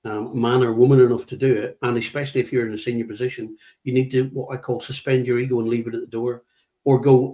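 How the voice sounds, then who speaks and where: Interviewed about his work as a leadership trainer, a middle-aged man from the United Kingdom shares anecdotes in a conversational way. He talks quickly in a warm, mid-range voice with little pitch movement, stressing and repeating key words and acting out his lines.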